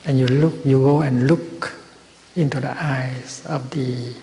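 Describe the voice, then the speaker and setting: A man giving a Buddhist dharma talk at a retreat, speaking slowly and gently with measured pauses. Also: mid-range voice, fairly even intonation. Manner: slow, gentle, measured phrasing with long pauses. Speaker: Buddhist teacher. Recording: roomy hall with long reverb and faint noise.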